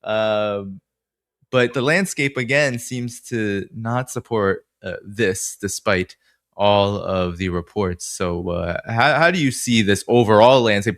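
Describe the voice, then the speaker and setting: A man with a Boston accent asks long, meandering questions, hesitating often with lots of "uh" and "you know." His voice sits fairly low and sounds dry and close, with no room around it. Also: a bit bright, no echo. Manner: hesitant, many fillers, long winding questions. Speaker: interviewer. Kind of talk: interview questions.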